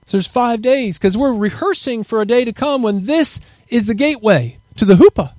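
A man's voice: sits high, a little mellow, no echo. A middle-aged man preaching a fervent sermon and leading prayer, rising to impassioned peaks and using Hebrew terms.

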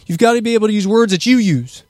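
A man's voice: high-pitched, quick pace, no echo. A middle-aged man preaching a fervent sermon and leading prayer, rising to impassioned peaks and using Hebrew terms.

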